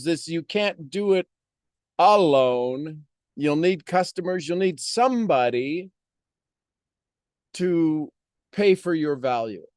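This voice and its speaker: A man's voice: high-pitched, a little mellow, no echo, studio quality. A man giving a motivational monologue on a live stream, preaching with repeated rhetorical questions.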